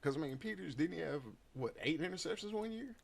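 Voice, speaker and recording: A man's voice: on the high side, lively intonation, fast talker, gravelly. A man co-hosting a casual sports talk stream, easygoing and amused. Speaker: podcast co-host.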